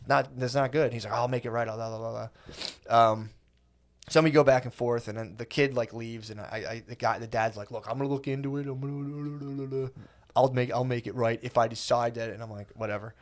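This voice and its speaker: A young man telling a profane, animated comedy story on a podcast, acting out the quoted lines. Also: mid-range voice, fairly quick. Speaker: podcast guest.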